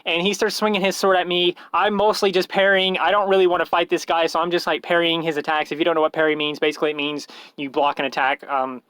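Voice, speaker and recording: A man's voice: a little high, flat delivery, fast talker, hardly any pauses, fairly bright tone, clean tone, no room sound. A man telling a rambling, self-mocking story in a casual vlog, full of fillers and restarts.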